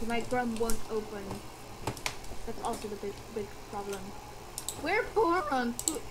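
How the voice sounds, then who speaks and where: Woman streamer, playful and rambling, slightly high voice, heavy typing noise under the mic. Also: lively intonation, unhurried. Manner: playful, chatty, jumps between topics. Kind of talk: casual gaming chat. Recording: loud keyboard typing behind.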